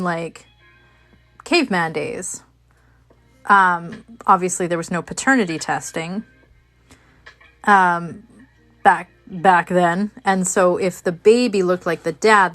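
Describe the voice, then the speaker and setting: This crafting channel host speaks at a fairly low pitch with a slightly bright tone. She talks casually while working, rambling along with frequent fillers and restarts.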